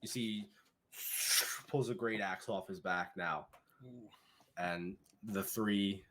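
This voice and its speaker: Low-ish guy running a tabletop game, rambly narration with lots of uhs and likes. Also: fairly even intonation, slow pace, a bit bright, a little hiss or hum. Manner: loose, rambling narration with fillers and chuckles. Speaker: game master.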